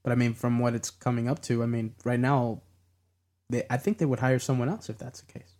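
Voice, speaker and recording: A man's voice: mid-range voice, steady tone, brisk, a little mellow. Man co-hosting a casual game chat. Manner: conversational, asks questions and pushes back. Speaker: podcast co-host.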